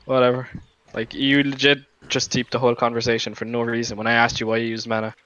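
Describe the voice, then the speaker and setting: Over a lo-fi voice chat mic with faint background music, a young gamer argues hotly, swearing and rambling as he defends his reasoning. His medium-pitched voice is bright and forceful, delivered fast and completely flat.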